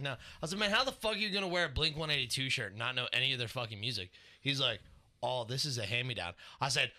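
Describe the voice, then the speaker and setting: A young man co-hosting a podcast, telling a story in casual chat with an animated, profane delivery. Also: medium pitch, very fast. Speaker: podcast co-host.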